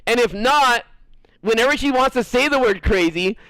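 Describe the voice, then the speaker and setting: A man's voice: extremely high pitch, lively intonation, moderate pace, pushed and bright, dry recording, poor audio. A man telling a comedic story in a casual, ranting way, swearing freely and acting out what others say. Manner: ranting and profane, acts out other people's lines. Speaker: host.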